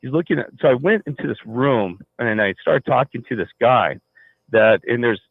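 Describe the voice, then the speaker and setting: A man's voice: medium pitch, lively intonation, normal speed, gravelly, husky, dry recording. A man calling into a talk show, telling a long personal story in a rambling way, full of restarts and fillers. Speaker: caller. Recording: tinny phone line.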